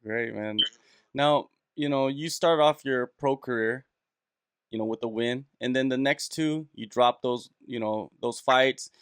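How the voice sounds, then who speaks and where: A man asks an interview guest questions in a friendly, easygoing way, with many "you know"s. His voice is smooth and resonant. The sound is dry, with no room echo. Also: medium pitch, a little slow. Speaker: interviewer, host.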